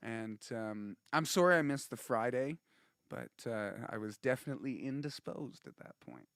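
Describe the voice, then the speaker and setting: A man's voice: mid-range voice, big pitch swings, moderate pace, a bit bright, clear, resonant tone, no room sound, clean studio sound. A man hosting a casual livestream, rambling and laughing, restarting his sentences often. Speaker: host and musician.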